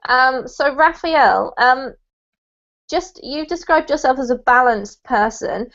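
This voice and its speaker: A woman's voice: high-pitched, animated, slow, a bit bright. A woman teaching an online English class in a chatty, encouraging way, with frequent laughs. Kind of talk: casual teaching chat on a video call. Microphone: video call. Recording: muffled video-call audio.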